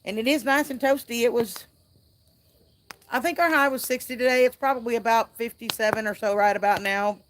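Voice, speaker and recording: A woman's voice: on the high side, fairly even intonation, fairly quick, slight background noise. A woman hosting a casual outdoor livestream by a fire, chatting and reading viewer comments aloud. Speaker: livestream host.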